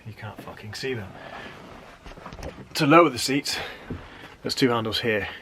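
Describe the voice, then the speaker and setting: A man's voice: medium pitch, lively intonation, unhurried, pushed and bright. Sweary British man talking while working. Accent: British English. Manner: swears freely, dry self-mocking asides while working. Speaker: van conversion vlogger. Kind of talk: casual working commentary. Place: workshop, under and inside a van. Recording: noisy workshop recording with clicks.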